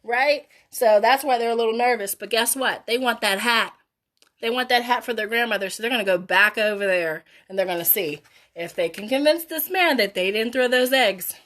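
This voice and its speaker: A woman hosting a live children's story reading, with chatty, animated asides to her young viewers. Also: on the high side, moderate pace. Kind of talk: live read-aloud for children.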